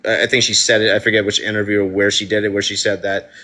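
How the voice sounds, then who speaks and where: A man's voice: fairly low pitch, level tone, fast, bright, forceful tone. A man doing casual true crime commentary on a live stream from his phone, indignant and ranting. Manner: indignant, ranting, mocking quoted voices.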